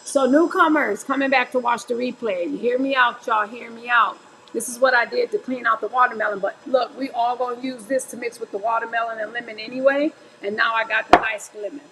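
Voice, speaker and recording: A woman's voice: fairly high pitch, fairly even intonation, brisk, fairly bright tone, a little hiss or hum. A woman in her forties, hosting a livestream, chatting candidly with viewers while she prepares fruit. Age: 40s. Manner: chatty and candid, often calls viewers "y'all". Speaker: livestream host.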